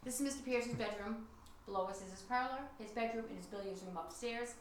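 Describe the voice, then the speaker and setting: A woman guiding a ghost tour of an old house, telling its stories in a chatty, animated way and quoting the people in them. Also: a little high, a little fast. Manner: chatty, animated storytelling with quoted voices. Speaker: tour guide. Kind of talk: guided ghost tour storytelling. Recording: echoey room, voice from a distance, faint hiss.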